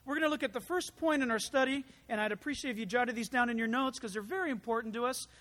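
A pastor preaching a verse-by-verse Bible study sermon, with animated storytelling and humorous asides. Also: mid-range voice, quick pace, in a large hall. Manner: acts out quoted voices.

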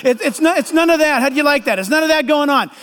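A man preaching a sermon as a pastor, animated and acting out voices in the quotes. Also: very high voice, fast, big-room sound.

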